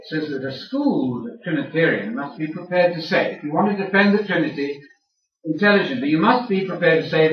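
Older man preaching in an echoey hall. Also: on the high side. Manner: teasing, challenges the audience with questions. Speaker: speaker addressing a church audience. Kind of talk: lively sermon-style lecture. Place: large room with an audience. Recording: echoey room, far from mic, dull sound.

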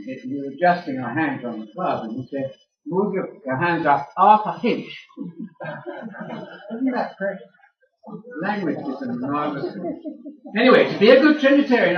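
An older man delivers a lively lecture to a church audience, prodding them with pointed questions. His voice sits a little high and sounds distant, caught in a roomy space on a dull, muffled recording. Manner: teasing, challenges the audience with questions. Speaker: speaker addressing a church audience. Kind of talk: lively sermon-style lecture. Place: large room with an audience. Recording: echoey room, far from mic, dull sound.

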